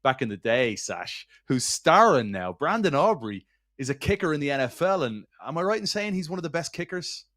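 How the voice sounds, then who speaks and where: A man's voice: on the high side, big pitch swings, fairly quick, fairly bright tone, no echo, clean studio sound. A man hosting a soccer talk show, keeping the energy up with teasing banter. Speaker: host. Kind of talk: casual sports chat.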